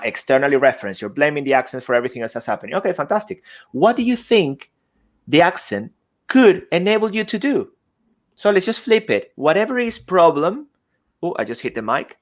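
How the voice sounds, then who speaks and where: A man's voice: on the high side, very animated, a little fast. A man speaking English with a non-native accent, a podcast guest and coach who talks emphatically and asks rhetorical questions. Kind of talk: conversational coaching talk. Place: remote podcast setup with desk mic.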